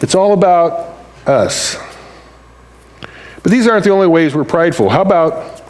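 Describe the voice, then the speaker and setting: A man's voice: high voice, lively intonation, moderate pace, a little mellow. Chatty, joking male pastor preaching. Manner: conversational, humorous, acts out quotes. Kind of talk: sermon.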